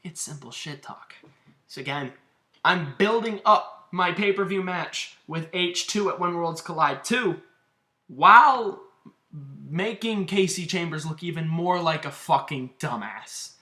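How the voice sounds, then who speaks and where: A man's voice: sits high, expressive, unhurried, pushed and bright. A man who wrestles, giving a profane, combative rant in a vlog about online feuds. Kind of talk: ranting vlog commentary.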